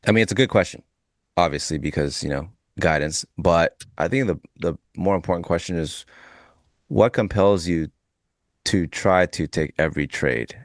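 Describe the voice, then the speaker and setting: Very deep-voiced man, dry close sound. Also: moderate pace, no echo. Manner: joking, blunt, reads out viewer comments. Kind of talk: casual panel chat.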